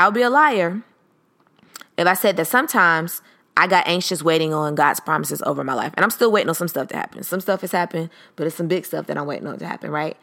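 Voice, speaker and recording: Low, gravelly, and fairly bright in tone, this woman in her thirties hosts a solo podcast. She talks in a relaxed, reflective way and occasionally performs her own inner voice.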